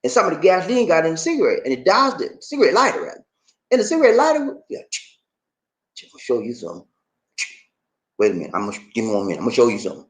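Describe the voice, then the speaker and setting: A man hosting animated, joking commentary on a news story, talking straight to his audience and repeating himself. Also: on the high side, very fast, long pauses. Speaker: host.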